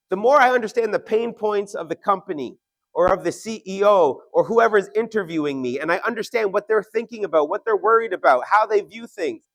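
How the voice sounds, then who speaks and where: A man's voice: sits high, a bit bright. Earnest man giving a motivational talk. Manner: earnest, emphatic, slows down to stress key points; asks the audience "right?" often. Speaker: motivational speaker.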